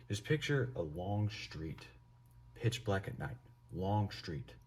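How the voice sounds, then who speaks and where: Low husky young man telling a story. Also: a little slow. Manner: profane, animated storytelling. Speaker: vlogger. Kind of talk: casual storytime.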